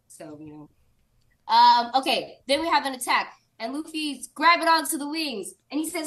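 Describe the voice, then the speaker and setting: A woman's voice: fairly high pitch, normal speed, a bit bright, low-quality recording. A woman guesting on a podcast, recapping a comic chapter in casual chat, chatty and giggly as she acts out lines.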